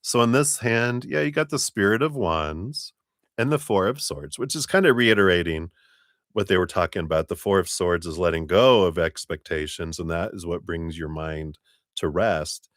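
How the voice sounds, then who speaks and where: A man reading tarot cards on a live stream, talking in a relaxed, meandering way with many fillers and now and then raising his voice to act out spirit voices. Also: normal speed, no echo, clean studio sound. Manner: acts out spirit voices in a raised pitch, laughs often. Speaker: tarot reader.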